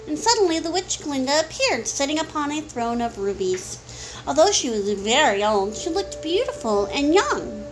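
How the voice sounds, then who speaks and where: A woman's voice: sits high, very animated, moderate pace, soft background music, low-quality recording. Woman reading a storybook aloud. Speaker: storybook reader. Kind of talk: reading a picture book aloud to a child.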